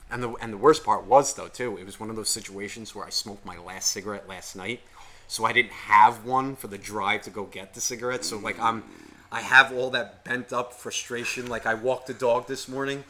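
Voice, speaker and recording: Podcast co-host, man, bright animated delivery, profane and rambling. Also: fairly low pitch. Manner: animated, heavy swearing, rambling storytelling. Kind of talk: casual profane chat.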